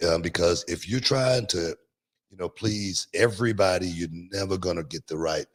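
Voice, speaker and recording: Low-voiced man telling stories on a podcast. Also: moderate pace. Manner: laughs often, repeats words, storytelling. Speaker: podcast host. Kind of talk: casual chat.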